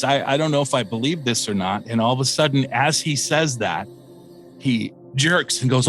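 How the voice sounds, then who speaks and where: Animated man telling a ghost story. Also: mid-range voice, moderate pace, soft background music. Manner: animated retelling with quoted voices, frequent fillers and restarts. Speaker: paranormal investigator. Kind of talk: casual storytelling interview.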